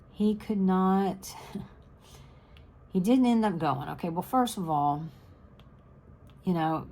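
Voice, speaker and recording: A woman's voice: fairly low pitch, darkish tone. A middle-aged woman, chatting casually and rambling to her channel's viewers. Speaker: crafting channel host.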